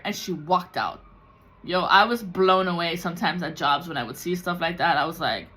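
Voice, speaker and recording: Forceful, bright-voiced woman speaking candidly. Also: fairly low pitch, moderate pace, slightly rough. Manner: raw and confessional, swears freely, acts out other people's voices. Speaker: tarot reader and spiritual content creator. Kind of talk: candid emotional personal vlog.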